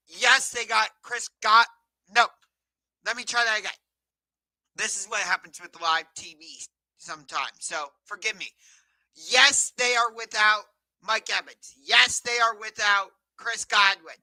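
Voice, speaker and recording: A man from the Cleveland area hosting a live sports talk show, chatty and energetic, sometimes correcting himself mid-sentence. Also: high voice, dry recording, poor audio. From Cleveland area, USA.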